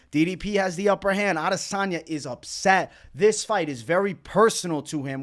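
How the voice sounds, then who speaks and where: A young man hosting an MMA reaction video, talking casually and profanely, sometimes bursting into excited shouts. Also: fairly high pitch.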